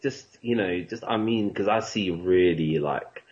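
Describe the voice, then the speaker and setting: A man's voice: low-pitched, unhurried, highs cut off, a crowd in the background. A man as a podcast guest in casual chat, asking questions in a roundabout way with many fillers.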